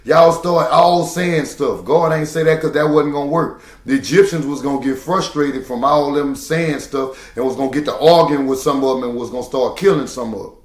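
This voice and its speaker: A man's voice: medium pitch, a little fast, hardly any pauses, roomy sound. A man who drives trucks, talking to the camera in a preachy, emphatic way and hammering home repeated phrases. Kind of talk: casual monologue to camera.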